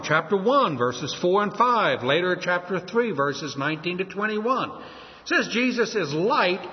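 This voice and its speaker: A man's voice: sits high, big-room sound, highs cut off. A man preaching a sermon, emphatic, stressing quoted scripture. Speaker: pastor.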